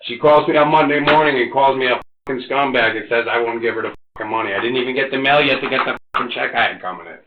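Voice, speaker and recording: A man in his forties under police interrogation, ranting and cursing, swinging between loud outbursts and low mutters. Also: fast, hardly any pauses, noisy background. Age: 40s. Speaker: interrogation suspect. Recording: echoey, muffled interrogation room recording.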